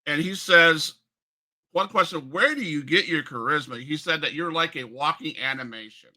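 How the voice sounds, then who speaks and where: Podcast host dude, relaxed, reads chat questions, bright voice. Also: male voice, a little high, moderate pace. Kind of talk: interview questions.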